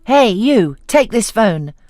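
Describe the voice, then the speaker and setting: A woman's voice: a little high, big pitch swings, darkish tone, no echo, studio quality, faint music behind, voice pushed up. A woman voicing a whiny, scheming young homeless woman who talks in a hurry. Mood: hurried. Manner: whiny, hurried.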